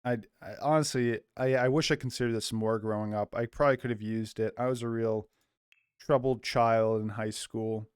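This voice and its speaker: A man's voice: medium pitch, fairly even intonation, normal speed, clean tone, dry recording, studio quality. A young man giving rambling let's play commentary from a small home office, chatting to viewers and his dog. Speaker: gaming YouTuber.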